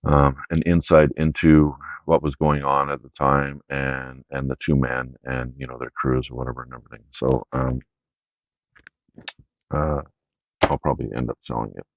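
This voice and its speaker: A man with an extremely low voice and vocal fry hosts a casual, unscripted media haul video, rambling through his picks with lots of fillers and "right?" check-ins. He speaks flatly at a moderate pace, on a dry, dull lo-fi recording with no room sound.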